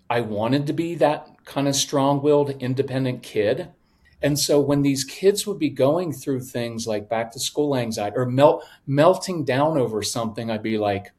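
Middle-aged man telling lively stories. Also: mid-range voice. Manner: animated, acts out voices in anecdotes. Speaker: podcast guest. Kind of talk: storytelling in a conversation.

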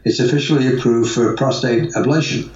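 A man's voice: mid-range voice, steady tone, a little fast, a little mellow, recorded from a distance. A man, a guest, giving long conversational answers in a rambling way, with restarts and fillers, in a roomy, dull-sounding recording made away from the mic. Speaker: guest, natural health advocate.

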